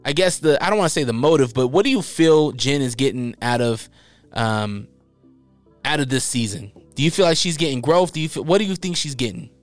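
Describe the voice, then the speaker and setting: A man hosting an interview, asking halting questions with many restarts. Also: mid-range voice, no echo, faint music behind. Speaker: interview host. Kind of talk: casual interview.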